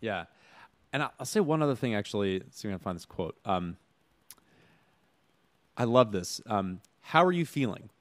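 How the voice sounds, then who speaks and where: A man hosting an interview, speaking reflectively and often pausing to search for words. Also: fairly low pitch, expressive. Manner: warm-hearted, halting, searching for words. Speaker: interviewer host.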